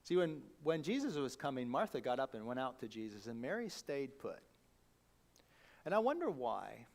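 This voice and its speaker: A man preaching a sermon as pastor, conversational and animated, acting out the people he quotes. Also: medium pitch, normal speed.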